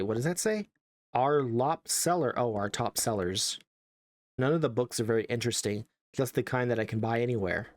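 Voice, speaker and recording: Chatty man commentating a game. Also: mid-range voice. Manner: wry, chatty, reads game text aloud. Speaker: let's play gamer. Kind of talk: casual gameplay commentary.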